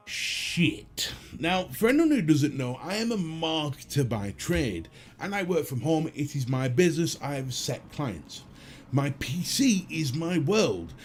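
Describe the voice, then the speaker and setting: British male streamer, lively swings in pitch, salty anecdotes, music faint behind. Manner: profane, animated, self-mocking storyteller. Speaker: livestream host. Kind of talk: casual storytelling chat.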